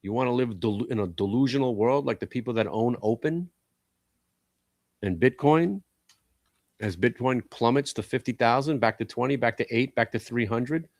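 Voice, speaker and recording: A man hosting a live stock trading show, talking bluntly and excitably as he trades, swearing at the market. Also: medium pitch, moderate pace, no echo, clean studio sound.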